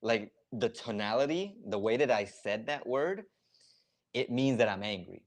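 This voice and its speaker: A man's voice: fairly low pitch, moderate pace, gravelly. A man hosting a casual live reaction stream, explaining slang in a loose, filler-heavy way. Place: lives in Ecuador.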